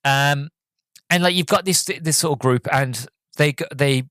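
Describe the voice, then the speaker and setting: A man's voice: a little high, unhurried, a bit bright, clear, resonant tone, dry recording. Rambling man reviewing a film. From Britain. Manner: rambling, with many fillers and restarts, retelling scenes in quoted voices. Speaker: podcast host.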